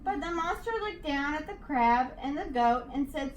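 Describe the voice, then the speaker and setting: A woman teacher reading a rhyming picture book aloud to her class in a slow, rhythmic way. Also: sits high, expressive, a little hiss or hum. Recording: echoey room, distant mic.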